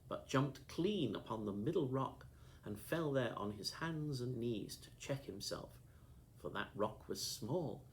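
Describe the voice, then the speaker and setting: Deep-voiced male audiobook narrator. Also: slight background noise. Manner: steady, measured first-person storytelling. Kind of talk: audiobook reading of a classic novel.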